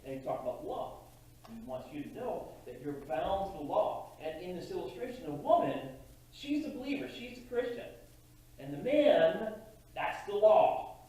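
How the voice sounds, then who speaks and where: A man preaching a sermon as pastor, in a conversational, halting way with frequent restarts. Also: sits high, very animated, warm tone, slight background noise. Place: church sanctuary. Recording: distant mic in a very echoey church hall.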